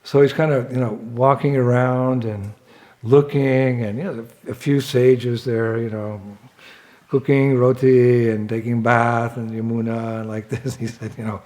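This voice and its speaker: Slow, humorous man telling a sermon story. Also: mid-range voice, flat delivery, a little mellow. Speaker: temple speaker.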